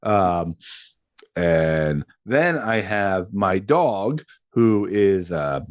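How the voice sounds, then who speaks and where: Animated, expressive male podcast co-host. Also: low-pitched, extremely slow, no echo, dull audio. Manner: animated storyteller, acts out quotes, laughs often. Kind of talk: casual podcast chat.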